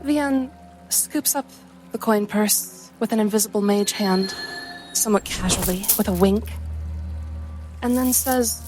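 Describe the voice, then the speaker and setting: A woman playing a tabletop game, describing her character's actions in a relaxed, measured way. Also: mid-range voice, soft background music. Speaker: player.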